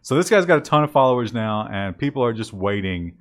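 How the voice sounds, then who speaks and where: A man's voice: on the low side, fast talker. A man co-hosting a casual tech news show, chatting and laughing as he tells stories. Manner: chatty, laughs often, animated storytelling.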